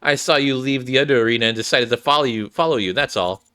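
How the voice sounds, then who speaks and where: A man reading the part of a brash, blunt young female fighter who scolds others and rushes to explain herself. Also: medium pitch, bright, forceful tone, smooth, close to an everyday voice. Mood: scolding.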